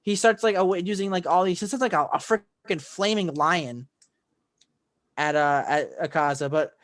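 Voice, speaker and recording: Excitable rambling man, higher-pitched. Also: normal speed. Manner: excitable, rambling, many fillers and restarts. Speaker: podcast co-host. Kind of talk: casual chat recapping a film.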